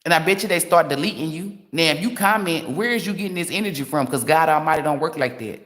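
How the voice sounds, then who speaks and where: A woman's voice: deep voice, lively intonation, quick pace, fairly bright tone. A woman tarot reader delivering a blunt, profane, emphatic rant on a livestream.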